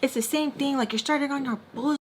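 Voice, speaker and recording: A woman voicing an exasperated male boss who scolds her quickly and irritably, mixing in Spanish words. The voice is a little higher than her own. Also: natural voice. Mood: irritated.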